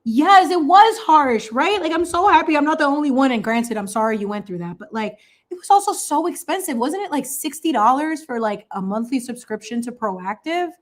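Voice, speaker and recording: A woman in her thirties talks in a casual, sassy monologue, her voice sitting a little high. She tosses in slangy asides and laughs often as she chats. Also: animated, brisk. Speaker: craft channel host.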